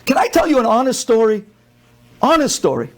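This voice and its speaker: A man's voice: extremely high pitch, fairly quick. A middle-aged man from the United States, a rabbi telling a story in a sermon and acting out the people in it. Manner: animated storyteller, acts out the people in his story.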